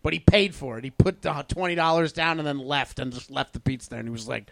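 A man co-hosting a podcast, telling animated stories in casual chat. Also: on the high side, quick pace, vocal fry, dry recording. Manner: animated storyteller, stubborn bragging. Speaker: podcast co-host.

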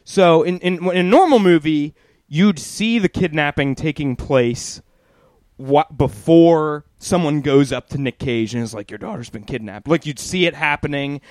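A man's voice: fairly high pitch, unhurried, darkish tone, dry recording, clean studio sound. A man co-hosting a casual movie chat, analytical and wry, with stammering restarts. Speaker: podcast co-host.

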